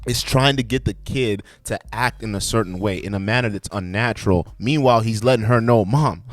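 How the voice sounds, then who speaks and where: A man hosting a reaction video, giving blunt, profane commentary and lecturing his viewers in a loose, animated way. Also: fairly low pitch, fairly quick.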